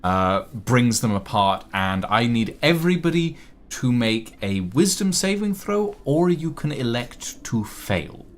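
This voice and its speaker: A man's voice: mid-range voice, big pitch swings, unhurried. A man narrating a tabletop game as game master, hesitant and full of fillers.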